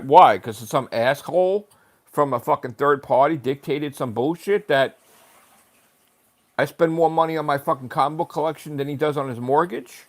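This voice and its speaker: A man's voice: on the high side, normal speed. A man streamer in an angry, profane livestream rant.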